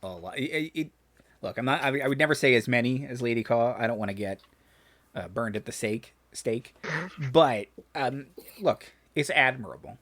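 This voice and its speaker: A man narrating a tabletop game as dungeon master, halting often with fillers and restarts. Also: medium pitch, fairly bright tone. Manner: hesitant, full of fillers and restarts.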